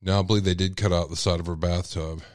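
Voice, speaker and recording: A man with a Texas accent and a deep voice, hosting a casual livestream and reacting with loud disbelief. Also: fast talker, dry recording, clean studio sound. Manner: animated, exclaiming in disbelief. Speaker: podcast host.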